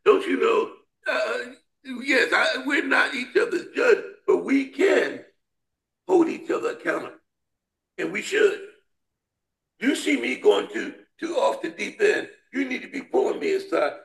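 A man leads a Bible study with a high, swooping preacher's voice that climbs and drops dramatically. His tone has a gravelly edge, and he repeats phrases in a call-and-response rhythm. The room around him sounds echoey. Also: big pitch swings, a little slow, fairly bright tone. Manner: call-and-response, repetitive, emphatic preaching cadence. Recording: roomy echo.

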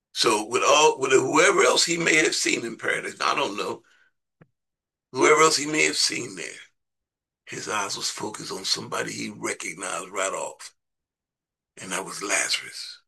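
A man's voice: on the low side, vocal fry, pushed and bright, breathy edge. A man preaching a sermon in a conversational way, repeating words and putting questions to his listeners.

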